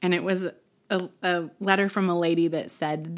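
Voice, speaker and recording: A woman's voice: on the low side, fairly even intonation, normal speed. A woman, a guest on a casual podcast, sharing family memories and advice, laughing and getting teary. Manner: emotional, tearful at times, laughs often. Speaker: podcast guest, TV news personality. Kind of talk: casual interview chat.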